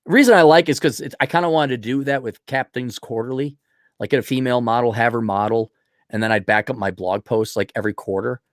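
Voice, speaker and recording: A middle-aged man on a livestream reads viewer donations and rants bluntly with profanity, clearing his throat often as his voice gives out. He talks fast in a mid-range voice, with studio-quality audio and no room sound.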